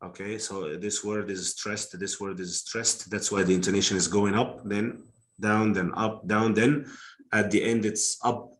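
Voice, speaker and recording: A male phonetics teacher explaining slowly to a class, with many fillers and repeated words. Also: on the low side, steady tone. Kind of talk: live online class teaching.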